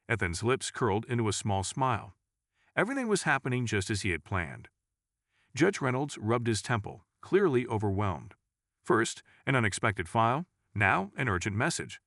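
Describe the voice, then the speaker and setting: A man narrating a dramatic courtroom story in a suspenseful, measured reading. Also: fairly low pitch, fairly bright tone, no echo, clean studio sound.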